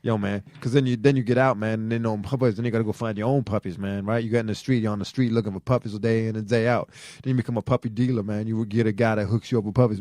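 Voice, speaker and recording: A man's voice: lowish voice, steady tone, racing, warm tone, dry recording, clean studio sound. A man co-hosting a comedy podcast, riffing in streetwise slang and saying "man" constantly. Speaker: podcast co-host.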